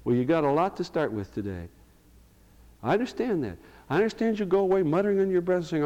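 A man's voice: sits high, lively intonation, lo-fi sound. Preaching man in an echoing church. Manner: preaching with swings from hushed to loud, sometimes slow and drawn out. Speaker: pastor. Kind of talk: sermon. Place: church sanctuary. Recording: reverberant church hall.

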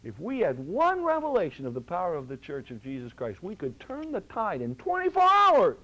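A man preaching a sermon as pastor, impassioned, swinging from loud exhortation to hushed, low tones. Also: huge pitch swings, normal speed, low-quality recording.

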